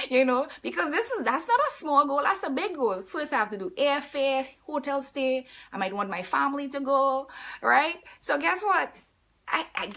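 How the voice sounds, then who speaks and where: A woman's voice: a little high, a bit bright. Chatty woman fitness coach, laughing. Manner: chatty, laughs often, reads out viewer comments. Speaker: fitness coach hosting a live chat. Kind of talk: casual live-stream talk.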